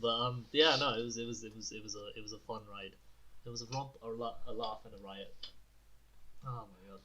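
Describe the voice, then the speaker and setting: A young man co-hosting a casual podcast, telling stories in an animated way, acting out his friends' lines and laughing often. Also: lowish voice, fairly quick, slight background noise. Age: young adult. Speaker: podcast co-host. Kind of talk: casual chat.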